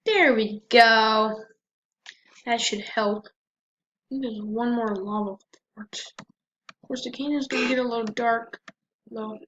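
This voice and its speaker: Talking to herself as she plays, this gameplay commentator offers chatty, casual let's-play remarks in a slightly high, husky voice. She speaks at normal speed with fairly even intonation and long pauses, recorded on a dull lo-fi mic with faint noise.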